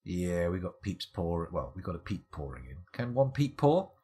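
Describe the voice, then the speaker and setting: Husky, lively streamer. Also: male voice, low-pitched, moderate pace. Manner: wry, rambling, self-mocking asides. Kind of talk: live-stream game commentary.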